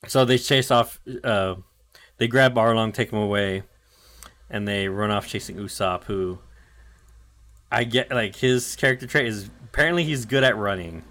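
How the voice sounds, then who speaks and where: A man with a lowish, fairly bright voice speaks at normal speed while co-hosting a podcast about anime. He retells episodes in a loose, filler-heavy style, swearing and acting out what characters say.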